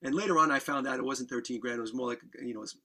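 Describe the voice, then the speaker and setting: A man guest on a podcast, telling a wild story in a casual, animated way, swearing and laughing as he goes. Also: medium pitch, rapid-fire.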